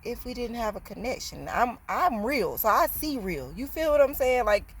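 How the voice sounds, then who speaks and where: A woman's voice: on the high side, very animated, moderate pace, slightly rough. A woman telling a casual storytime on her vlog, blunt, slangy and passionate, swearing freely. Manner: slangy, streetwise talk. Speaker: vlogger.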